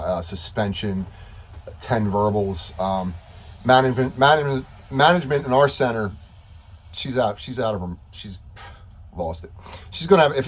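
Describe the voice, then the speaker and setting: A man's voice: lowish voice, slightly rough. A man giving a casual video update to coworkers as their union steward, frustrated and rambling, repeating himself.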